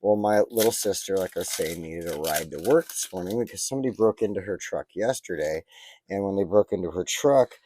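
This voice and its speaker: A man casually talking through opening trading card packs, chatty and easily excited, rambling into side stories. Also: low voice, brisk, slight background noise. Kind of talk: casual unboxing commentary.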